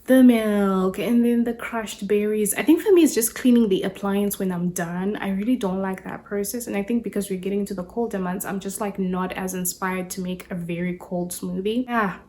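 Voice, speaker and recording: A woman's voice: medium pitch, moderate pace, hardly any pauses, warm tone, a little hiss or hum. A woman, a mother, chatting casually at home as she shows a grocery haul, rambling with many fillers and restarts. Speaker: mother and lifestyle vlogger.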